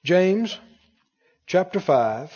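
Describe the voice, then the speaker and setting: A man's voice: high voice, very animated, very slow, a little mellow. A male pastor preaching an emphatic sermon to his congregation, firing off rhetorical questions and having them repeat his words. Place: church hall with congregation. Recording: dull reverberant church recording.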